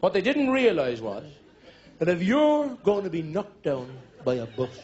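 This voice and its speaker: Irish comedian spinning rambling stories on stage. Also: male voice, high voice, wildly swooping pitch, normal speed. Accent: Irish, Dublin. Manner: rambling anecdotal delivery, swings to loud shouting punchlines. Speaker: stand-up comedian. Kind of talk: stand-up storytelling. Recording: dull live recording with audience laughter. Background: audience laughter.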